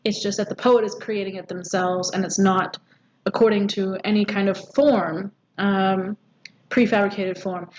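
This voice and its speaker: A woman gives a recorded poetry lecture, explaining step by step with frequent ums and rhetorical questions. Her medium-pitched voice is a little mellow, with fairly even intonation and a moderate pace. The audio is dull, with faint background noise.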